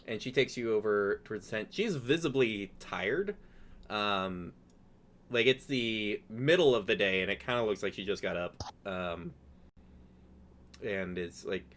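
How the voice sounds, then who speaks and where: A man with a lowish voice runs a tabletop game, narrating scenes in a loose, rambling way full of "um" and "uh". A faint hiss sits under the recording. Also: unhurried, fairly bright tone. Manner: rambling, filler-heavy, laughing often. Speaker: game master.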